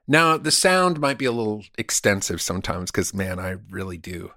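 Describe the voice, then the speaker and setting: Bright-voiced joking male podcast host. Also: fairly low pitch, big pitch swings, normal speed, no room sound, studio quality. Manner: crude, joking storyteller, acts out quotes in funny voices. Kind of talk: casual comedic podcast chat.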